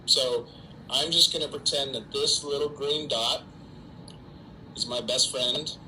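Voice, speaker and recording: A man's voice: medium pitch, fairly even intonation, measured pace, pushed and bright, slight background noise, poor audio. A middle-aged man, an actor, chatting casually and joking at his own expense on a live stream from home, answering fans' typed questions. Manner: chatty, self-mocking, talks to an unseen audience. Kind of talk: casual solo livestream chat. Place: home during quarantine.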